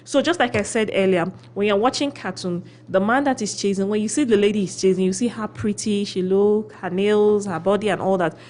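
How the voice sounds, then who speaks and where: A woman on a radio show giving relationship advice. She tells stories with lively acted quotes and often checks in with "okay?". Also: mid-range voice, a little fast, hardly any pauses. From Philippines. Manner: animated storyteller, acts out quotes.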